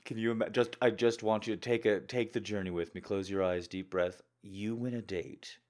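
A man hosting an audio channel, answering listener questions in a casual, jokey, animated way. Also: lowish voice, normal speed. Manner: animated, jokey, bursts of laughter. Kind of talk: casual Q&A chat.

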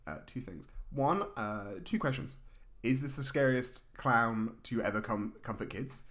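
A man, retelling a film plot in a jokey, sweary, animated way as a podcast co-host. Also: mid-range voice, a little slow. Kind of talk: casual film recap chat.

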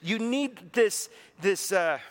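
A man's voice: sits high, lively intonation, slow. A man preaching a conversational sermon, chatty and full of rhetorical questions and acted-out inner voices. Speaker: pastor.

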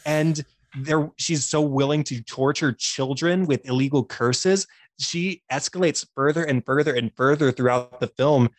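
This podcast co-host or guest, a teacher by day, talks through a film in a relaxed, enthusiastic way, laughing frequently. He has a fairly high voice, a measured pace, and no echo in the recording.

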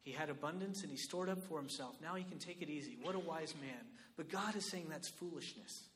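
A male preacher gives an animated, chatty sermon and keeps asking his listeners whether they follow. His voice sits high and bright. The sound carries a long reverb, as in a big hall. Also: brisk. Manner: animated, conversational, lots of "right?" and "like".

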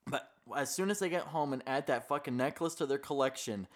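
A man's voice: medium pitch, fairly quick. A young man casually retelling a horror story on a podcast, swearing freely and laughing as he goes. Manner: profane, laughing, slangy storytelling. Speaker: podcast co-host. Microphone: podcast microphone, gain problems.

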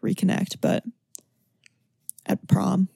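A woman's voice: slow pace, no room sound, studio quality. A young woman in casual conversation about a movie, talking loosely with lots of "like" fillers. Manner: chatty, many "like" fillers, animated quoting.

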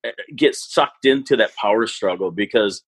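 A man's voice: on the low side, normal speed, breathy edge, no echo, low-quality recording. A man who teaches a parenting class, telling stories in a casual chat and acting out the voices he quotes. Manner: animated, acts out quoted voices.

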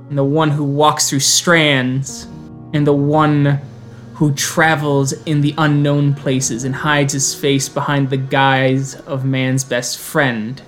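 A man's voice: a little high, fairly bright tone. A man voicing a hardened young South American teen who speaks formally and cryptically, with a thick Spanish accent.

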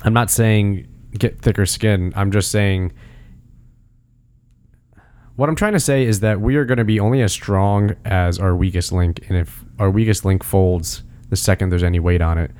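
A man's voice: normal speed, a little mellow, clean tone. A man in casual podcast chat, arguing his opinions emphatically and pressing his points. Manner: argumentative, emphatic, pitch jumps when making a point.

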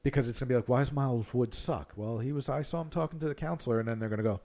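A man co-hosting a casual sports chat, an animated, profane coach who rants. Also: mid-range voice, rapid-fire, gravelly. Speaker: podcast co-host, hockey coach.

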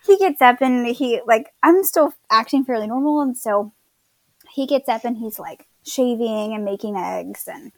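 A woman's voice: on the high side, normal speed, a little mellow, dry recording. Chatty young woman, dry close sound. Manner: chatty, quotes others, laughs at herself. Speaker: guest telling her birth story. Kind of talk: casual storytelling.

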